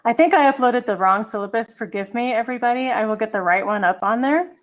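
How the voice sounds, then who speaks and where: Fast and on the high side, this middle-aged woman teaches an online college English class through a computer mic on a video call. She's chatty and apologetic, and she hums as she hunts for her files.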